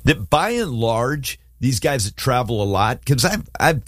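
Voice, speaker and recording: A man's voice: medium pitch, unhurried, no echo, clean studio sound. A man hosting a casual faith talk show, telling stories with animation and acting out scenes as he goes. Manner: animated, storytelling, dramatizes scripture scenes. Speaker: host.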